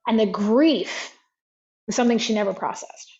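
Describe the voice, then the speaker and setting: Woman guest, higher voice, chatty storyteller full of "like" fillers, dull lo-fi call audio. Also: moderate pace, a little mellow. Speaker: guest therapy practitioner. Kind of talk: conversational storytelling.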